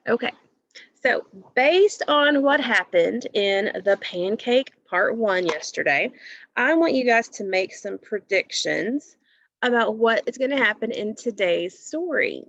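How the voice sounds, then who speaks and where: A woman teacher giving a recorded phonics lesson to children, explaining patiently and clearly. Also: fairly high pitch, lively intonation, unhurried, a bit bright, no room sound. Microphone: computer mic while screen sharing. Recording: dull lo-fi recording.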